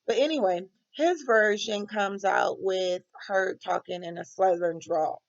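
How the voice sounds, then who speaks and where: A woman's voice: mid-range voice, a little slow, gravelly, lo-fi sound. A woman student recording a class reflection, talking hesitantly with many ums.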